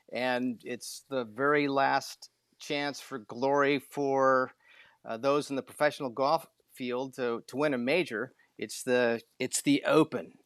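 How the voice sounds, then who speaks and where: A man's voice: mid-range voice, no room sound. A man co-hosting a sports podcast, chatting casually in a rambling way with folksy joking asides.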